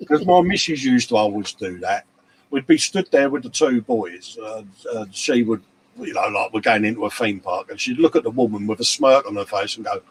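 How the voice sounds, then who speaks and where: A man's voice: medium pitch, lively intonation, moderate pace, a little hiss or hum. Jokey man in his forties. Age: 40s. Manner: chatty and jokey, laughs often, calls people mate. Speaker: co-host of a live model-building chat show. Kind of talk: casual chat, reading out viewer comments.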